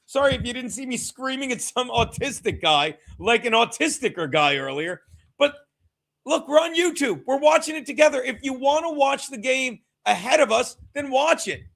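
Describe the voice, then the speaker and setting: A man with a fairly high voice hosts a casual live stream of a football game. He talks straight to his chat, laughing, swearing and now and then yelling at a viewer. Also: animated, normal speed, vocal fry. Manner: loud, swears freely, shouts at chat, laughs often.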